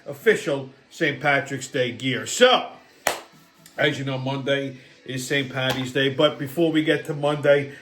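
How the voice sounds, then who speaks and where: A man hosting his own channel, talking in a blunt, profane, animated rant that swings between loud and quiet. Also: high voice. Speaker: host. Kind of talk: casual ranting monologue.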